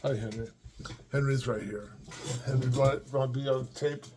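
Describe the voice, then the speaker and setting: An older man from the Los Angeles area reminisces at home with his dogs, a vlogger rambling casually with plenty of fillers and restarts. His voice sits in the mid range with a steady tone at normal speed, and the background is noisy.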